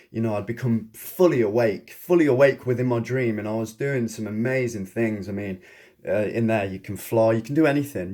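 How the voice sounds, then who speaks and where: A man telling a personal story in a casual vlog monologue, rambling and excitable, often chuckling. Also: mid-range voice. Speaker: vlogger.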